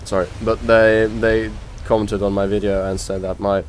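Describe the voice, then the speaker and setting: A man from Norway with a Norwegian accent talks over a video game in an unhurried, low voice. He jokes with the characters on screen and swears casually, like a relaxed let's-play commentator. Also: heavy background noise.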